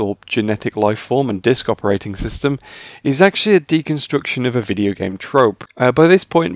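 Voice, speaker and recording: A man's voice: medium pitch, no room sound. A man narrating a scripted video essay about games, with dry, sarcastic humor.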